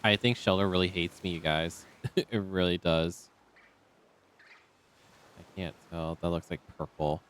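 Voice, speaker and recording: A man's voice: sits low, fairly even intonation, measured pace, long pauses, a bit bright, a little hiss or hum. A man streaming a video game, chatting casually and rambling with many ums into a desk microphone. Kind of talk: casual live-stream chat. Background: faint game music.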